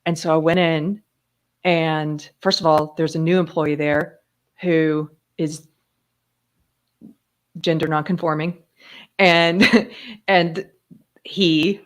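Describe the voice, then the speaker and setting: A woman hosting a casual live-stream chat, telling a story with lively acted-out dialogue and frequent laughter. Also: sits low, takes it slowly, long pauses. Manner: animated storyteller who acts out dialogue and laughs often. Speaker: podcast host.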